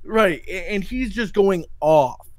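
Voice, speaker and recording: Fast-ranting, profane male host. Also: on the high side, expressive, no room sound, clean studio sound. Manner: profane, ranting, quotes people in mocking voices. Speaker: podcast host. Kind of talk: heated livestream commentary.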